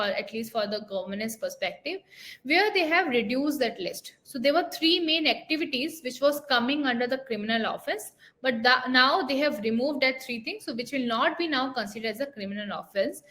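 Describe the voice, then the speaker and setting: A woman's voice: sits high, animated, normal speed, bright, forceful tone. Indian woman explaining tax rules. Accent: Indian English. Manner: explains step by step, often checks in with a questioning "right?". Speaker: tax expert. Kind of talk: explanatory talk.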